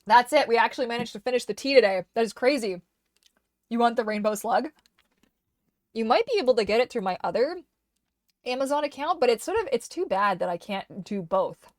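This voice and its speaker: A woman's voice: on the high side, animated, fairly quick, dry recording, clean studio sound. A woman live streaming from her desk, chatting casually and rambling with many restarts, her voice slightly worn. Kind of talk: casual livestream chat. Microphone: desk microphone.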